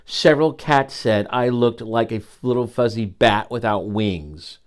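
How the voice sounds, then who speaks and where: A man's voice: mid-range voice, a little slow, smooth, lightly acted. A sheepish little fennec fox from a storybook, read by an older man. He sounds apologetic.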